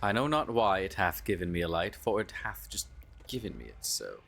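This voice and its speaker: A man doing a pompous archaic-speaking gentleman. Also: deep voice, very animated, gravelly, full character voice. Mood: mock-grand. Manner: slow, mock-grand archaic phrasing.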